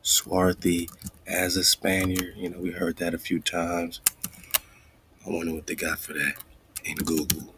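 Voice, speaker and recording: A man hosting a radio show, thinking aloud as he looks up words, muttering and whispering asides to himself and reading quoted lines slowly. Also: low voice, completely flat delivery, noisy background. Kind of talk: casual research talk, looking up words live.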